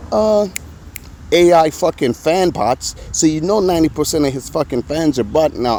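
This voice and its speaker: A man giving casual, profane ranting commentary in an animated, mocking way. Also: a little high, slight background noise.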